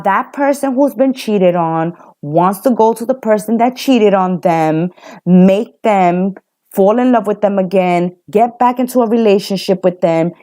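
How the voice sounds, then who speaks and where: A woman's voice: mid-range voice, a little mellow. A woman giving a general tarot reading, emphatic and repetitive, often acting out what the people in the reading would say. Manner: emphatic and repetitive, acts out quotes. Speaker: tarot reader.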